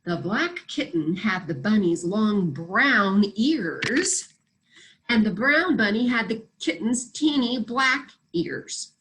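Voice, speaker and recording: A woman reading a children's storybook aloud, in an animated and expressive way. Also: on the high side, slow pace, a little hiss or hum, low-quality recording. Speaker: storybook reader.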